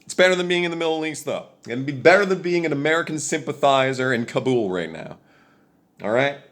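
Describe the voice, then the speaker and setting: A man's voice: on the high side, lively intonation, a little fast, fairly bright tone. A young man in an angry, profane political rant to his viewers, bitter and heated, repeating his points. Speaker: video creator ranting to camera.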